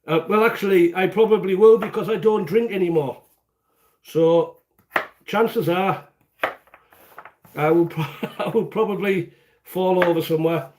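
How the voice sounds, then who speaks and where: Against a noisy background, a high-voiced British man hosts a casual cooking stream from his home kitchen, speaking a bit slowly and pausing often. He's jokey and talkative, rambling as he welcomes viewers by name.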